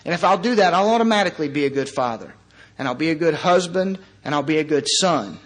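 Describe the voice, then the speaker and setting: A man's voice: on the high side, lively intonation, fast talker. A young man speaking at a recovery meeting, telling his personal story in an earnest, conversational way.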